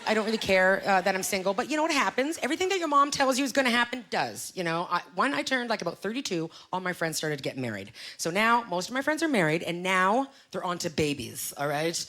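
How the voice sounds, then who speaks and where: Fast-talking Canadian woman doing stand-up. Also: medium pitch. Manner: loud, animated, exclaiming to the crowd. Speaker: stand-up comedian. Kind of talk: stand-up comedy set. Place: comedy club stage with a live audience. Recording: live stage recording with audience noise.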